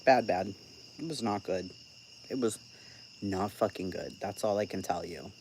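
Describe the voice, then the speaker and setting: A woman's voice: a bass voice, a little slow, a little mellow, slight background noise, rough recording. A woman chatting casually on a live stream. She is blunt and profane, swears freely, and tells a sarcastic story about an argument.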